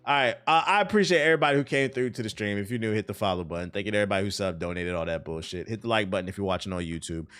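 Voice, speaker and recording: A man streaming live, giving casual, profane, animated commentary on news, his voice a bit tired. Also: on the low side, racing, few pauses, smooth.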